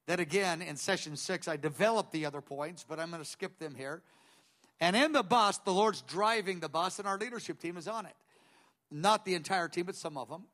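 An older man with a noticeably high voice delivers a teaching sermon in a relaxed, conversational way. He drifts into anecdotes and acts out the people he quotes. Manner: digressive, storytelling, quoting others aloud. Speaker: preacher.

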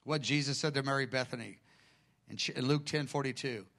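A man preaching a sermon in a conversational, animated way, often acting out quoted speech. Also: mid-range voice, brisk.

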